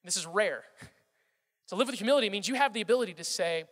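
A man preaching in a casual, storytelling way, stumbling and repeating words as he goes. His voice is high for a man and bright. Long reverb from a large hall follows him. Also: animated, quick pace. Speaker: pastor. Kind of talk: sermon.

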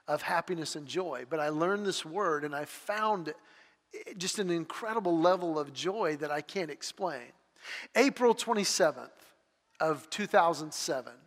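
A middle-aged man delivers a sermon in a confessional storytelling way. His voice sits high and sounds bright and forceful, and it drops to a near hush at tender moments. A long reverb trails his words through the hall. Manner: confessional storytelling, swings from loud to hushed. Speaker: speaker.

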